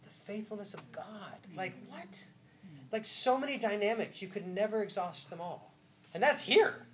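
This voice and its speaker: A woman pastor preaching in a church, chatty and laughing, swinging from loud storytelling to hushed intimate moments. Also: mid-range voice, moderate pace, slight background noise. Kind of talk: sermon. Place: church sanctuary.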